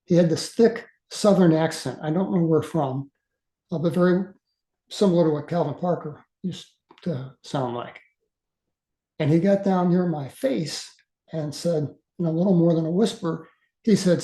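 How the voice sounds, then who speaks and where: A man in his sixties telling a story from his past as a guest speaker. He talks earnestly and haltingly, with many uhs and repeated words. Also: a little high, warm tone, echoey room. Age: 60s. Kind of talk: casual storytelling.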